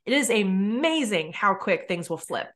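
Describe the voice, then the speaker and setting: A woman hosting a podcast, telling stories in a casual, animated way with lots of "like". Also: mid-range voice, a little slow. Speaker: podcast host. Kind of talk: casual interview chat.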